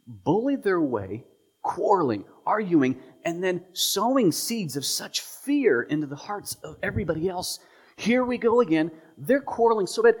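A male pastor delivering a sermon in a husky, slightly breathy voice. His pitch swings widely as he retells stories, acting out the people in them and sinking now and then to a hushed whisper. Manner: animated storytelling, voicing quoted figures, dropping to whispers.

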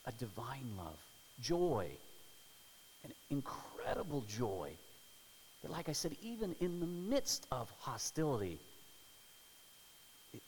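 A male pastor preaching a sermon, swinging between loud dramatic storytelling and hushed prayer. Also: medium pitch, big-room sound, slight background noise, rough recording.

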